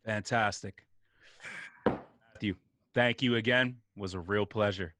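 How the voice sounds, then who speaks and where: A man's voice: on the low side, slow, noisy background. A male host winding up an interview, laid-back and drawing out his words of praise. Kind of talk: interview wrap-up.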